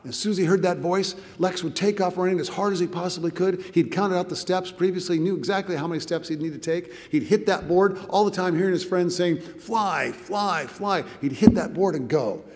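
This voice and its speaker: A man's voice: high voice, fairly quick, hardly any pauses, darkish tone, big-room sound. A man preaching a sermon as a pastor, telling a story with swelling and dropping volume and repeated words.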